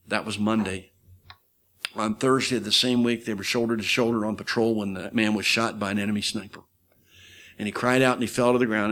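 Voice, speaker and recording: A man preaching a sermon, telling stories dramatically, swinging loud for quoted voices and dropping low for emphasis.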